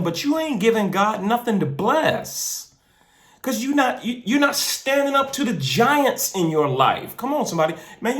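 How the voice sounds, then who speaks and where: A man's voice: sits high, reverberant. A man hosting a faith podcast, preaching with energy and street slang, often repeating his words. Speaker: podcast host and minister. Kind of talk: preaching-style podcast talk. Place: in a car.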